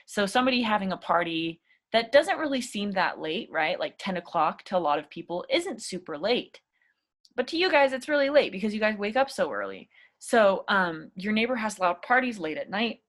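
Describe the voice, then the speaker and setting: A woman teaches English in a relaxed, chatty way, leaning on fillers like "you know" and "right?" Her pitch moves a lot as she acts out example sentences. She sounds conversational rather than scripted. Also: moderate pace. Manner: acts out sample phrases in a lively voice. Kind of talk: casual spoken lesson.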